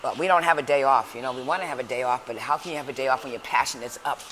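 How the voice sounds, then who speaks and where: A woman motivational speaker talking casually to her viewers in a lively, chatty storytelling way, recorded indoors at a shelter. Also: very deep voice, rapid-fire. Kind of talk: casual vlog talk. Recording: noisy background.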